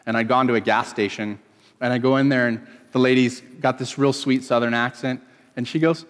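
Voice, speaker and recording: A man delivers a sermon in a relaxed storytelling way, stepping into the voices of the people in his anecdotes. His voice sits at an ordinary middle pitch for a man. The sound carries the long reverb of a large church hall. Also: a little fast. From California. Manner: storytelling, acting out quoted voices. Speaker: pastor.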